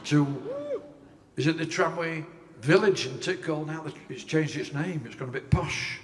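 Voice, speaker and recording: A man's voice: fairly high pitch, moderate pace, natural voice. A man playing a fussy, earnest singer-songwriter, singing comic songs live and chatting with the audience while fumbling his own lyrics. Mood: chatty. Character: fussy middle-aged northern male singer-songwriter, earnest. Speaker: comedy musician performing live. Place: large cave venue with live audience. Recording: echoey cave, loud music. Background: keyboard backing music.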